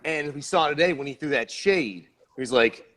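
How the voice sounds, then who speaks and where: Excitable guy on a podcast panel, kinda tense bright voice, bit higher pitched, keeps tripping over his words. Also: normal speed. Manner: animated, joking, stammers and restarts. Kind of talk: casual sports-podcast chat.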